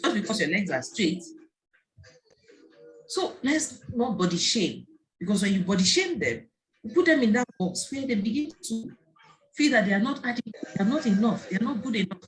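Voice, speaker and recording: Animated woman talking to parents. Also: mid-range voice, normal speed. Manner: lively storytelling, acting out quoted voices. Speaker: parenting speaker. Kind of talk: online talk to parents. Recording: faint background noise and clicks.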